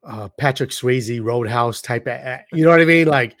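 Animated man in casual podcast chat. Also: mid-range voice, moderate pace, no echo, clean studio sound. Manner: animated, excitable, acts out scenes with slang. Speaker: podcast co-host.

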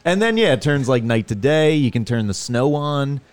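Male podcast co-host, animated and laughing, casual chat. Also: medium pitch, normal speed, clear, resonant tone.

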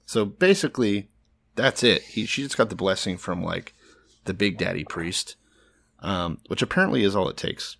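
Low-voiced man, dry and joking. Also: expressive, moderate pace, creaky, a bit bright. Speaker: podcast co-host. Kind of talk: casual retelling of scripture with jokes.

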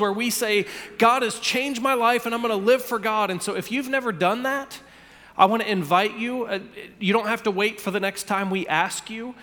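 High-voiced pastor preaching in a hall. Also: male voice, sharp tone. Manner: earnest, repeats words at starts of phrases. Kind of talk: sermon. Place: church sanctuary.

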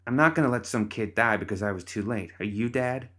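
A man's voice: lowish voice, a little fast, bright, forceful tone, voice pushed up. Fierce headstrong young woman, snaps back hard, a man reads her in a raised voice. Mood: defiant. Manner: defiant, snapping.

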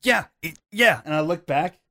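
Excitable male player, dry close sound, casual. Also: fairly high pitch, normal speed, no echo. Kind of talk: casual tabletop chat.

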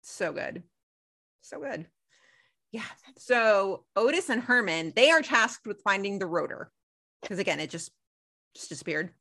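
A young woman co-hosting a casual recap chat, telling the story with lively acted-out quotes. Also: medium pitch, unhurried, gravelly, pauses often. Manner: animated storytelling, acts out quotes. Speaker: podcast co-host.

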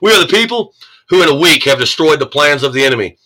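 A man from the U.S. reads news stories and fires back with sarcastic, angry, swear-laden commentary on politics. He speaks quickly in a fairly high, animated voice that sounds pushed and bright, and the recording is low quality.

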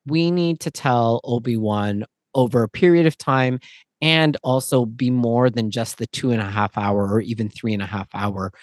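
A man's voice: medium pitch, normal speed, dry recording, studio quality. A man co-hosting a podcast in casual chat, sharing trivia knowledgeably and agreeing often. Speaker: podcast co-host.

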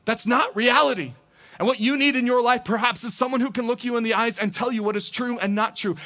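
High-pitched guy preaching, casual and animated, does little voices for people's thoughts. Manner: conversational, animated, acts out quoted thoughts. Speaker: teaching pastor. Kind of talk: sermon.

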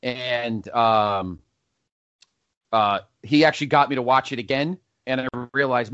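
The recording sounds lo-fi and dry as a man with a mid-range voice hosts a laid-back podcast countdown. He talks at a normal pace, drifting off on tangents and catching his own mistakes with animated energy.

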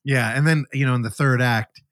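A male podcast co-host chats casually about a movie, recapping it with swearing and silly voices as he performs scenes with animated energy. He speaks fairly quickly at a medium pitch, and the studio-quality recording is dry.

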